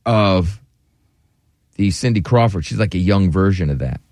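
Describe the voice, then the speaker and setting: Male host, lively intonation, jokey storyteller, dry close mic. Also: sits low, normal speed, no room sound. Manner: joking, animated storytelling. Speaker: radio show host. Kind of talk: casual talk show banter.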